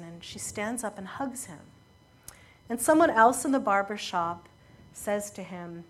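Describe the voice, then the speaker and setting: A woman preaching a sermon, telling a story in an earnest, measured way that often falls quiet at emotional moments. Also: mid-range voice, lively intonation, slight background noise.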